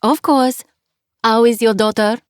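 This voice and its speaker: A woman voicing a kindly, cheerful French guest house landlady with a French accent, fussing warmly over her guest. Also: a little high, fairly even intonation, measured pace, clean tone, dry recording, clean studio sound, pitched above the performer's own voice, natural voice. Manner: warm, fussing, motherly.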